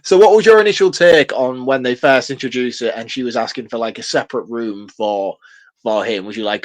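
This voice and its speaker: Relaxed, chuckling podcast co-host. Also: male voice, mid-range voice, brisk. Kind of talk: casual film review chat.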